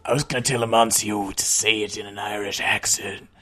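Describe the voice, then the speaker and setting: A man voicing someone's libido in a teasing, breathy whisper. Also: on the low side, steady tone, fairly quick, sharp tone, voice pushed down. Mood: sly. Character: man's libido, male, sly and flirtatious.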